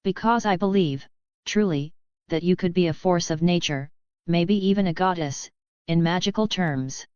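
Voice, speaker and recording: A woman reading the part of a confident, smirking young male warlock who speaks calmly and firmly. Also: on the low side, normal speed, clean tone, no echo, highs cut off, lightly acted. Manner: calm, firm, knowing.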